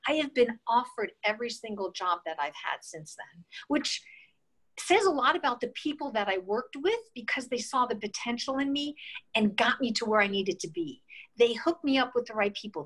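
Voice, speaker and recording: A woman in her sixties from New York State, an interview guest telling lively stories and acting out the voices she quotes. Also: a little high. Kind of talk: casual interview storytelling.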